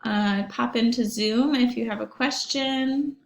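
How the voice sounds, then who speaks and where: Upbeat woman teacher with a creaky voice. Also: on the high side, unhurried. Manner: chatty, upbeat, many ums, asides to pupils. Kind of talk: recorded online class walkthrough. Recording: echoey room.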